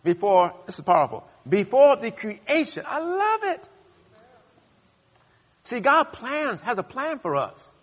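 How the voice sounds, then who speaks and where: A male pastor preaching a sermon, leading the congregation in call-and-response and rising to loud, high bursts. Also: very animated, unhurried, pauses often. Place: church sanctuary. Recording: long hall reverb.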